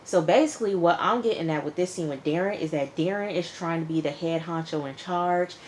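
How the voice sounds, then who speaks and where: Low-voiced woman recapping a TV episode. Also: brisk, a little mellow, a little hiss or hum. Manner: chatty retelling, quotes characters with "he was like"; frank asides to the viewer. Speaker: TV show reviewer.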